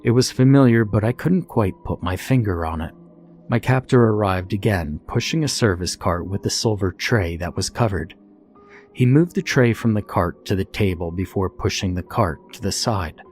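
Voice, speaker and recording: Male narrator for bedtime horror, low, steady and calm, faint music bed. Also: normal speed. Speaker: storyteller.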